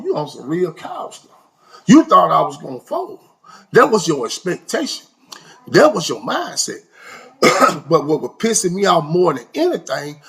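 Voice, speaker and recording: A man telling an animated, slang-heavy story in a casual way, his voice leaping up for emphasis. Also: a little high, vocal fry, breathy edge. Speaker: storyteller recounting prison life.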